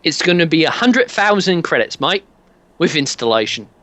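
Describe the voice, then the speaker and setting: A man's voice: a little high, very animated, normal speed, pushed and bright, pitched above the performer's own voice. A man voicing a chummy male security-shop owner in a put-on British accent, stumbling over his words and calling everyone mate. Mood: chummy salesman.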